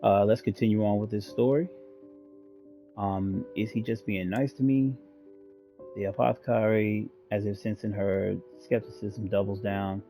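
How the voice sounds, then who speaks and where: A man's voice: on the low side, fairly even intonation, unhurried, mellow, faint music behind. A man hosting a gaming channel, reading the story text aloud and breaking in with casual jokes. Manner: reads aloud, breaks off to joke and laugh.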